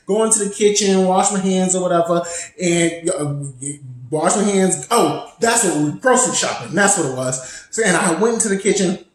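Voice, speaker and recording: A woman in her twenties telling a personal story in a casual, profane, rambling way, full of side tangents. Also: fairly low pitch. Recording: very echoey room.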